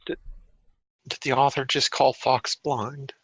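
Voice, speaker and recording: Unhurried man giving blunt corrections. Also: mid-range voice, little pitch movement, a bit bright, breathy edge, no echo. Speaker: co-host. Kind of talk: casual stream commentary.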